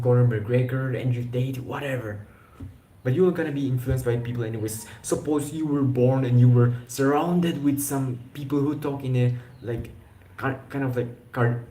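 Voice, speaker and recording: Young male streamer, rambling casual talk, mellow tone, echoey room. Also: medium pitch. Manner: rambling, with restarts and slang. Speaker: live stream host. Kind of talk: casual live stream chat.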